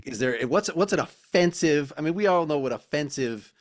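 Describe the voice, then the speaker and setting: A man co-hosting a podcast, joking and talking in halting, restarting phrases. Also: on the high side, animated, dry recording, clean studio sound. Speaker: podcast co-host. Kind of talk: casual podcast chat.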